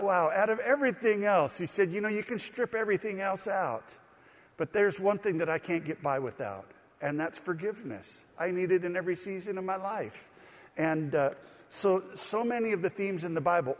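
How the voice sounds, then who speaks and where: Pastor preaching in a reverberant church. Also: male voice, fairly high pitch. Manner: conversational, explains words plainly. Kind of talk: sermon. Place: church sanctuary. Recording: long hall reverb.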